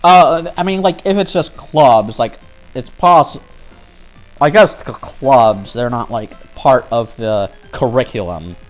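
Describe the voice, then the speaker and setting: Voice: medium pitch, slow, faint music behind, poor audio. A let's-play host commenting casually on a game, with joking, profane asides.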